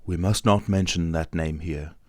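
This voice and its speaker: A man's voice: sits low, no room sound, clean studio sound. A man voicing a grave, secretive stranger. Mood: guarded. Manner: calm, measured, hushed warnings. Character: grave, mysterious male stranger, cautious and secretive.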